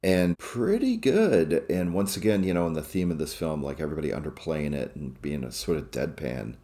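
A man with an extremely low, deep voice, co-hosting a podcast. He is from the American Midwest and talks in a measured, thoughtful way, with plenty of fillers and hedges. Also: very animated, dark tone. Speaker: podcast co-host. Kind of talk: casual podcast chat.

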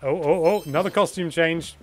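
A British man hosting a live gameplay stream, chatting in an excitable, gushing way as he tours an island. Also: a little high, moderate pace, a little hiss or hum. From Britain. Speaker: livestream host.

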